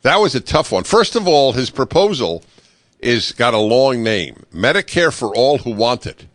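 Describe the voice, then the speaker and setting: A man hosts a talk radio show, giving an animated, sarcastic political commentary monologue with wry asides into a studio microphone. His voice is medium-pitched at normal speed, with no echo.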